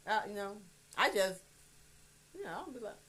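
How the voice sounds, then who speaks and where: A middle-aged woman on a phone livestream, talking to her grown son in a rambling, blunt monologue. She swears freely and swings between soft and loud. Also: medium pitch, very animated, moderate pace, breathy edge.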